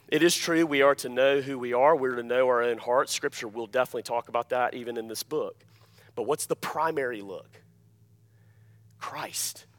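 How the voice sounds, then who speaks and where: A pastor preaching a sermon, emphatic, often asking the congregation "Amen?" and dropping to quiet asides between louder points. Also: male voice, a little fast. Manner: emphatic, repeats key phrases, calls "Amen?" to the congregation; swings between loud emphasis and quiet, low-voiced asides.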